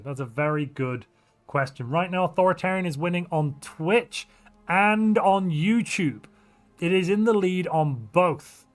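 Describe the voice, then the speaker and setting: A male streamer talks through his game choices in a loose, playful way, musing aloud and answering his chat. His voice sits a little higher than most men's. Soft background music plays under him. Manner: chatty, reads viewer chat aloud and reacts; playful, muses aloud while weighing options. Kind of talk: casual livestream gameplay commentary. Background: faint background music.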